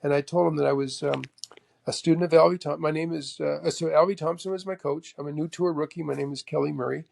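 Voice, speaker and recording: A man in his sixties from Canada, a guest telling animated anecdotes and acting out both sides of old conversations. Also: fairly high pitch, quick pace, creaky. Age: 60s. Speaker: guest, golf professional. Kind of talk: casual storytelling chat.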